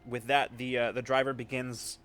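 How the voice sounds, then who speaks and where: A man's voice: mid-range voice, level tone, moderate pace, a bit bright, slight background noise. A male game master narrating a tabletop session in a loose, conversational way. His mid-range voice meanders through "like" and "um" as he describes the scene. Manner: casual, filler-heavy narration.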